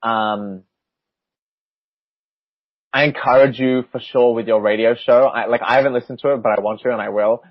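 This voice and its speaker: A man's voice: medium pitch, steady tone, moderate pace, long pauses, no echo. A young Australian man in his twenties, a spiritual guide giving a casual reading, laughing between phrases. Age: 20s. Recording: muffled lo-fi call audio.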